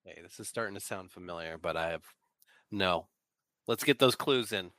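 A man playing a trivia game on a podcast, relaxed and a little hesitant when he is unsure. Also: low-pitched, normal speed. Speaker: game show contestant. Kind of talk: casual podcast game banter.

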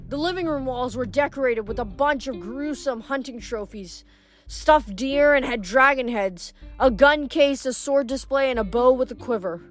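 A woman reading a novel aloud in steady first-person narration, with small restarts. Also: high-pitched, normal speed, faint music behind. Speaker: audiobook reader.

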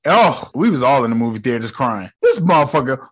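A young man giving casual movie reaction commentary, animated and profane, with loud exclamations. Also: medium pitch, fast talker, hardly any pauses, husky.

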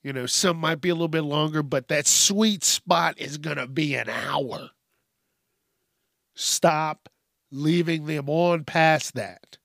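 A man's voice: fairly high pitch, slow pace, creaky, fairly bright tone, no echo, clean studio sound. A man hosting a solo podcast, rambling and swearing, sometimes calling himself by name in the third person. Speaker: podcast host.

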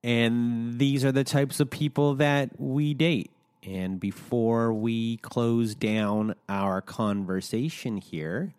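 A man's voice: mid-range voice, a little mellow, clean tone, dry recording, studio quality. A man from Toronto with a Canadian accent, hosting a podcast and chatting casually with a guest. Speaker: podcast host. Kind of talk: casual interview chat.

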